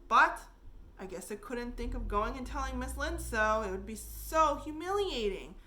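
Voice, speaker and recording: A woman's voice: a little high, animated, normal speed, pushed and bright. A woman voicing an eager, emotional orphan girl in a storybook reading, pleading earnestly.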